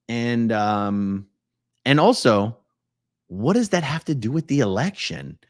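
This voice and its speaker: A man hosting a casual live stream, his pitch leaping around as he chats and jokes. He reads viewer comments out loud, shifting from loud exclamations to quiet mumbled asides. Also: very animated, measured pace. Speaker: livestream host.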